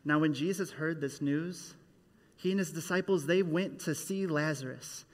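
A man's voice: fairly high pitch, normal speed. A man leading a children's church service, telling a Bible story and getting the kids to act along with him. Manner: animated, leads kids in call-and-response. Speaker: children's minister. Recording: echoey hall.

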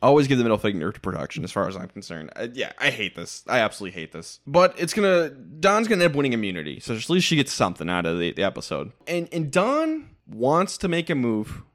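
A man's voice: mid-range voice, wildly swooping pitch, fast talker, hardly any pauses, fairly bright tone. A man co-hosting a casual podcast, recapping a reality show with blunt, opinionated asides. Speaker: podcast co-host.

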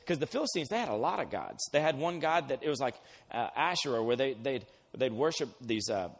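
A man's voice: mid-range voice, lively intonation, brisk. A man casually retelling a Bible story as a youth pastor, acting out the characters in slang. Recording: long hall reverb.

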